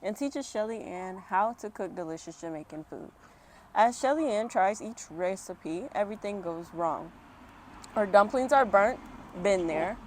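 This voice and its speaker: A woman's voice: mid-range voice, lively intonation, measured pace, slight background noise. A mother reading a picture book aloud at home on an external mic, with chatty asides and laughing at herself. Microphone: external microphone. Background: dogs barking.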